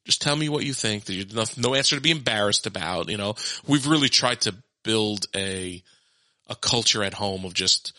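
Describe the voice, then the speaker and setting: Guy in his 30s telling a funny family story, super animated, bright edgy voice. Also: fairly low pitch, normal speed, no echo. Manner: animated, laughing, acts out quotes. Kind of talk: casual storytelling.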